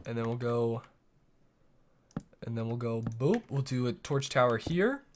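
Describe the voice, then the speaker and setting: Young male streamer, mid-pitched, rambling playful self-talk over live gameplay, home desk mic. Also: animated, a little slow, slight background noise.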